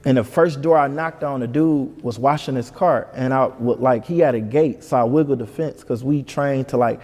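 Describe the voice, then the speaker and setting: A man's voice: mid-range voice, moderate pace, darkish tone, in a large hall. A man from Detroit, a guest telling a story in casual chat, who acts out the other people's lines as he goes.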